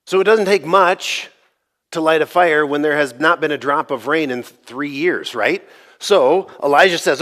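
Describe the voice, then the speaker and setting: A middle-aged man pastor preaching a sermon, telling the story with lively, sarcastic quoted lines and occasional laughs. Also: on the high side, moderate pace.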